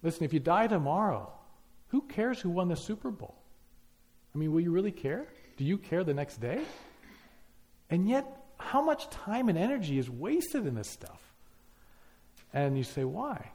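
A man's voice: high-pitched, sing-song, moderate pace, long pauses, a little mellow. A man preaching a sermon, emphatic, piling up lists and rhetorical questions.

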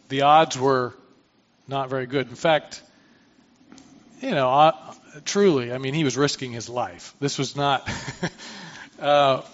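Heard through a muffled recording, a male pastor with a mid-range, somewhat bright voice preaches. He reads a scripture passage aloud and then explains it conversationally, with asides and restarts.

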